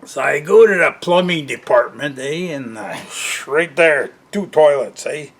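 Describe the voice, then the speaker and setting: Older Canadian guy, unhurried folksy vlogger, chuckles through his rambling asides. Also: on the high side, expressive. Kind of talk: casual rambling monologue.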